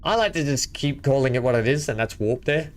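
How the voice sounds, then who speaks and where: A man streaming a multiplayer game from home, excitable and chuckling as he plays and chats. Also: mid-range voice, a little fast. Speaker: gaming streamer. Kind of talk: casual multiplayer gameplay chat. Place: home room.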